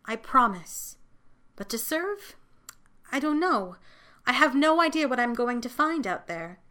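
A woman doing a young girl in a storybook, soft and teary and hopeful, kinda high voice. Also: very animated, measured pace, exaggerated voice. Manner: soft and wistful, rising with longing. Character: young woman, tearful, hopeful, eager for the world.

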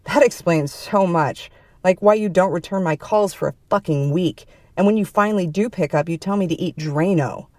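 An angry ex-husband, curt and sarcastic, talking over the phone, voiced by a woman narrator. His lines are read with a mellow, dry tone. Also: lowish voice, normal speed, no room sound, lightly acted.

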